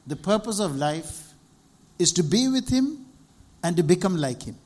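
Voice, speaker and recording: A man's voice: high-pitched, very animated, unhurried. A middle-aged man from India preaching a sermon and sharing a personal testimony, earnest and repeating key phrases for emphasis. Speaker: preacher, doctor.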